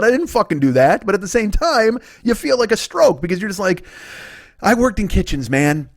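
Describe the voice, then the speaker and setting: A man in his forties hosting a podcast, telling a rambling, profane, self-deprecating story in a casual, animated way. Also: sits high, normal speed, no echo, studio quality. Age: 40s. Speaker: podcast host.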